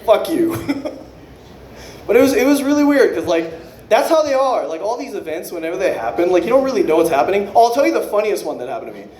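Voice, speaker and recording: A man doing an unrehearsed stand-up set, rambling and profane, with quick self-correcting asides. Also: high voice, big pitch swings, darkish tone, reverberant. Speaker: stand-up comedian.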